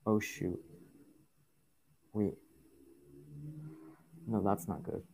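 A man's voice: on the low side, little pitch movement, extremely slow, vocal fry, a little mellow, a little hiss or hum. A man giving casual gameplay commentary, grumbling and swearing at the game in frustration. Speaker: gaming YouTuber.

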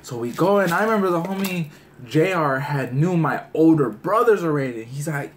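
A man's voice: fairly high pitch, animated, a little fast, slight background noise. A man telling a rambling, profane story in street slang, acting out his friends' voices. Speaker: storyteller in a mukbang video. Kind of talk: casual storytelling.

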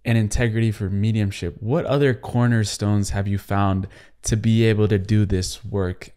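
A young man hosting an interview, asking measured questions with some hesitation. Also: on the low side, fairly even intonation, dark tone, clear, resonant tone. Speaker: podcast host.

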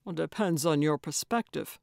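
A woman voicing a guarded, gruff man in hiding, curt and wary in an audiobook. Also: moderate pace, darkish tone, no echo, clean studio sound. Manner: curt, wary, low-key.

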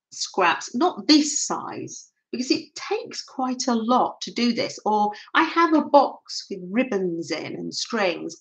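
An older woman hosting a craft livestream, chatting casually with viewers and greeting them with many soft "oh"s and little laughs. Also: medium pitch, highs cut off.

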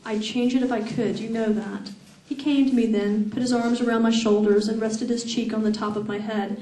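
A woman reading her first-person novel aloud at a live event, in a steady, expressive voice. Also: a little high, moderate pace, few pauses. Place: event hall. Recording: echoey room, far from mic.

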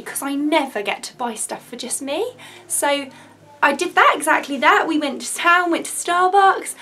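A woman in her twenties, a vlogger, telling a story-time tale in a chatty, excitable, rambling way with many fillers. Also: sits high. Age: 20s.

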